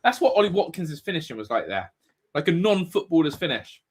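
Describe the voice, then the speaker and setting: A man hosting a live football watch-along, reacting loudly, swearing and shouting advice at the players. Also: a little high, very animated, a little fast, slightly rough. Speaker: fan watch-along host.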